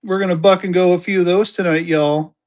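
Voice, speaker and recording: A man's voice: high voice, fairly even intonation, a little fast, a little mellow. A man hosting a live-stream currency auction, greeting viewers by name and urging them to bid. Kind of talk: live-stream selling chat.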